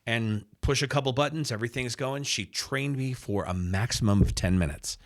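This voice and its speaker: Radio host guy, 50s, mid-pitched, spins an animated anecdote, jumps into other people's voices. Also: moderate pace, few pauses. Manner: lively storyteller, acts out other people's lines in quotes. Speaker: radio host and sports announcer, podcast guest.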